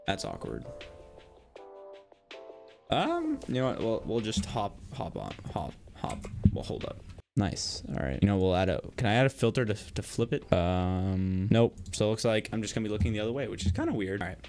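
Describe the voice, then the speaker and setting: A man casually commentating his game stream, chatty and quick to react and laugh. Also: lowish voice, big pitch swings, gravelly, a little mellow, soft background music.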